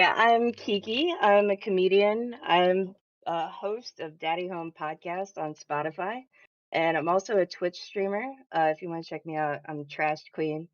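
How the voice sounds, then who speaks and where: A woman comedian guesting on a podcast, delivering jokes deadpan. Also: fairly low pitch, no room sound. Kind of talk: casual podcast chat. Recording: dull lo-fi mic.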